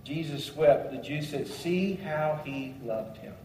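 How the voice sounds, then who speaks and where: A man's voice: on the high side, slow, dark tone, slight background noise. A man preaching a sermon, reading scripture aloud and commenting on it with shifting emphasis. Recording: echoey hall, voice from far off.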